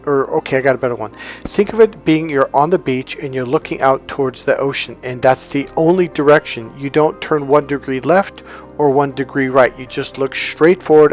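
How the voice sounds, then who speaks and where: Rambling self-help coach, man. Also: medium pitch. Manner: rambling storyteller, restarts and acts out quotes. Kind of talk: casual talk to camera.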